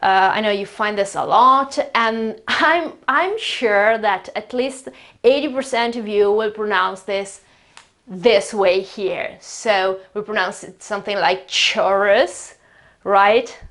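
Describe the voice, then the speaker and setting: A woman with an Italian accent, a native Italian speaker, teaching an English pronunciation lesson beside a whiteboard in a chatty, explanatory way and slowly repeating words to demonstrate them. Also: mid-range voice, fairly bright tone. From Italy.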